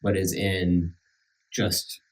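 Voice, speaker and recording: A man's voice: deep voice, flat delivery, very slow, far from the mic, low-quality recording. A man with a country accent, a church minister chatting casually on a podcast, talking earnestly with many restarts and fillers. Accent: rural American country. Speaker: minister back from sabbatical.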